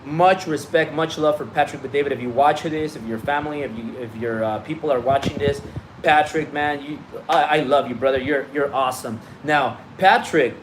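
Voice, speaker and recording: A man's voice: medium pitch, moderate pace, background noise. A man giving a blunt, profane motivational talk on a livestream as a business coach, often restarting his sentences.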